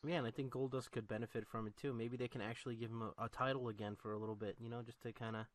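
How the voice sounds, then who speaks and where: A man's voice: medium pitch, flat delivery, rapid-fire, no echo. A man co-hosting a casual podcast, talking in a laid-back way that leans on "you know" and "like". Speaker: podcast co-host. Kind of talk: casual wrestling chat.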